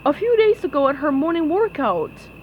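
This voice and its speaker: A woman's voice: sits high, big pitch swings, moderate pace, narrow, tinny audio, a little hiss or hum, pitched above the performer's own voice. A woman voicing an easygoing, laid-back male lobster who talks casually.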